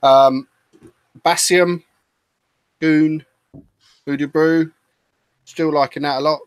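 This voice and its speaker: A man's voice: fairly high pitch, fairly even intonation, slow pace, clean tone, no echo. A British man co-hosting a casual chat show, easygoing and chatty. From United Kingdom. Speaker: podcast co-host.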